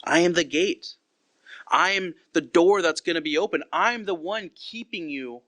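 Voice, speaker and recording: A man's voice: fairly high pitch, unhurried, sharp tone, no room sound. A man in his thirties giving an earnest, conversational Bible devotional as a podcast host, acting out quotes as he goes.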